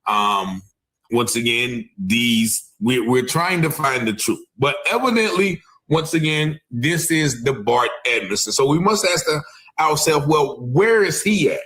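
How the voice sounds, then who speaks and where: Man, mid-pitched, hosting true-crime commentary; emphatic, keeps hedging, picks apart clips. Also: big pitch swings, measured pace, a bit bright. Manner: emphatic, repeats "allegedly", stops to replay clips. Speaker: commentary channel host.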